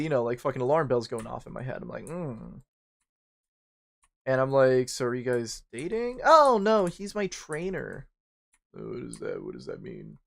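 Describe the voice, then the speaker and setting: A young man with vocal fry tells a wandering personal story while gaming on stream. He swears freely and casually, and when acting out panic his voice leaps into high, squeaky bursts.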